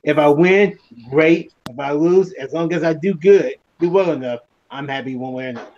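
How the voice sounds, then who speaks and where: A man competing in a trivia match talks in a relaxed, unbothered way. His voice sits slightly high and comes through a dull, lo-fi mic. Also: brisk. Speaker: contestant. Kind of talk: casual chat.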